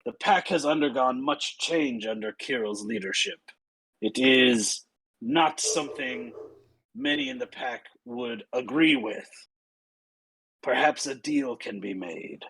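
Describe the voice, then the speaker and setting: A man voicing an old male wolf, a former pack leader, weary and blunt, with gruff, short-tempered retorts. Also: mid-range voice, expressive, takes it slowly, fairly bright tone, heavily acted, low-quality recording. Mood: measured.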